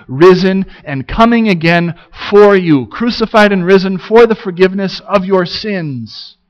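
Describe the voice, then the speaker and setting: Male pastor, unhurried sermon delivery, clear voice, slightly dull lo-fi recording. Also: high-pitched. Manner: slow, measured preaching with dry humor.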